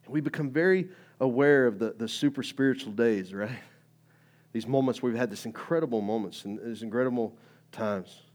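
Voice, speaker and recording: A man preaching a sermon in a conversational, animated way, full of fillers and rising emphatic bursts. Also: medium pitch, brisk. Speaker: pastor.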